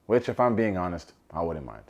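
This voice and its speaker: Male show reviewer, slightly low voice, casual, wisecracking recap delivery. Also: big pitch swings, a little fast, vocal fry. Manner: sarcastic, joking asides.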